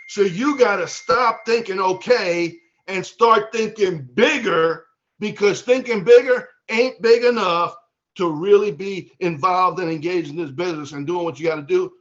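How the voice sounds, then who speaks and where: Man, high voice, fervent pep-talk leader who rises to shouting; lo-fi call audio. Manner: fervent preacher-like, builds to shouting. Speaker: business leader speaking to team. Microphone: video call.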